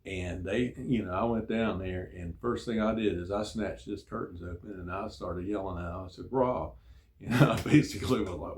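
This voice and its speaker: A man's voice: sits low, normal speed. An older man casually telling an anecdote from his navy days, acting out the dialogue as he goes. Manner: relaxed anecdotal delivery with quoted dialogue. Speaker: podcast guest telling a sea story. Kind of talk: casual storytelling.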